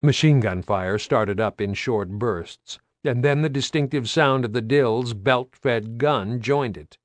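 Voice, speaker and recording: A man's voice: mid-range voice, slow, no echo. A man reading an audiobook aloud with tense, dramatic narration. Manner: tense, dramatic, varied delivery.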